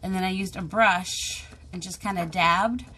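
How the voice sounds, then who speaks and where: A woman's voice: lowish voice, steady tone, a little slow, bright, forceful tone. Lady chatting about her art stuff, self-deprecating, kinda scattered, little bit of background hiss. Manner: rambling, self-deprecating, laughs at herself. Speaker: crafting channel host. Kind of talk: casual chat.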